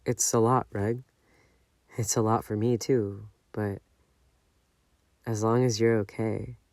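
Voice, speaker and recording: A man voicing a calm young man who speaks softly and reassuringly. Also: on the low side, slow pace, no room sound, clean studio sound. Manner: soft and reassuring.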